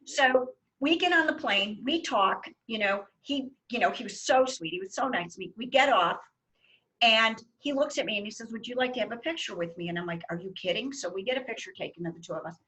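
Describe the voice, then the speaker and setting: A middle-aged woman hosting a casual chat, telling lively stories and laughing often. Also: a little high, brisk, poor audio. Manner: animated storyteller, laughs often. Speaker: host.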